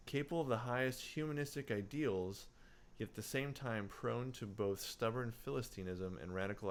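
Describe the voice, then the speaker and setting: A man co-hosting a casual book podcast, rambling with many fillers and restarts. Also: medium pitch. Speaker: podcast co-host. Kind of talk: casual book-club chat.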